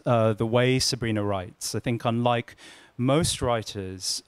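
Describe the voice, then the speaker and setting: A man introducing a fellow writer at a literary reading, halting with frequent ums but admiring. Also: mid-range voice, clean tone, dry recording. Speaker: mentor introducing a reader. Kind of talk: event introduction.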